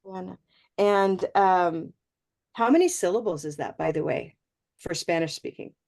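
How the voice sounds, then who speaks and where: A woman's voice: fairly low pitch, moderate pace, creaky, a little mellow. A woman teaching an online English pronunciation class, encouraging and checking in with "okay?" often.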